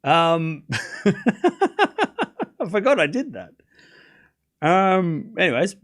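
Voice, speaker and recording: A man's voice: high-pitched, wildly swooping pitch, very slow, fairly bright tone. A man hosting a live stream, chatting casually, often laughing and joking sarcastically as he reads and answers his chat.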